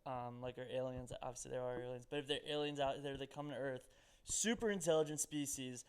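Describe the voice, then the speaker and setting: A man's voice: medium pitch, fast talker, clear, resonant tone. A man co-hosting a podcast who rambles in a giggly, hesitant way, with lots of fillers. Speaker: podcast co-host. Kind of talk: casual comedy chat.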